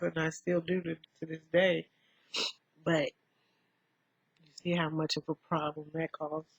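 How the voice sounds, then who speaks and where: Gravelly, husky woman musing softly. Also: on the low side, dry recording. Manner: soft-spoken, rambling, musing. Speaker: vlogger. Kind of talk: casual reflective talk while doing makeup. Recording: dull lo-fi recording.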